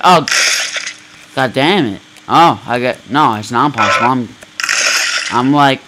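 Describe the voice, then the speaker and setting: Loud, swearing male gamer, bright voice. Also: medium pitch, rough recording. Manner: loud, profane, yelling reactions. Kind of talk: let's play commentary. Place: at home.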